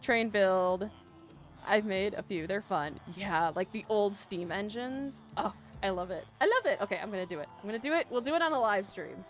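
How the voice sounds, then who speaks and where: A woman's voice: medium pitch, moderate pace. A woman hosting a casual live stream, chatting and reading viewer messages aloud in a bubbly, rambling way, laughing often. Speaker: live-stream gaming host. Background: faint background music.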